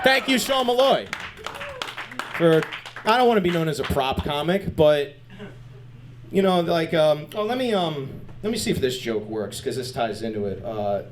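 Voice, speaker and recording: High, lively man doing stand-up. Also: normal speed, slight background noise. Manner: animated, loose, crude, chatting with the crowd. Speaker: stand-up comedian. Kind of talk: stand-up comedy. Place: comedy club stage.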